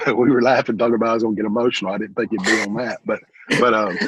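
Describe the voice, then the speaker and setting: A man's voice: on the low side, fairly even intonation, rapid-fire, fairly bright tone, breathy edge, low-quality recording. A man who is a church pastor, talking casually and earnestly in an interview, rambling a bit and calling the interviewer "man", emotional and close to tears. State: emotional, holding back tears.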